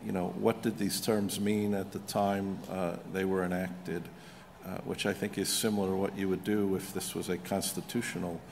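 A man on a panel answering a question in a measured way, with many fillers. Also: sits low, level tone, gravelly, darkish tone, slight background noise. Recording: reverberant hall.

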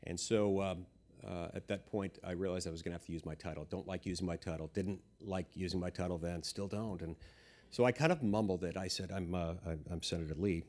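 A man's voice: sits low, brisk, darkish tone. A man, a senator, giving a humorous speech built on anecdotes, told in a dry, self-deprecating way.

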